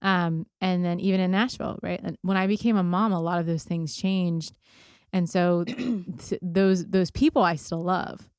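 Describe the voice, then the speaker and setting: A woman's voice: lowish voice, moderate pace, darkish tone, smooth, no echo, studio quality. A woman from Philadelphia in her thirties, a podcast guest chatting casually in an easygoing, self-deprecating way, often restarting her sentences. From Philadelphia, USA. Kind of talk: casual chat.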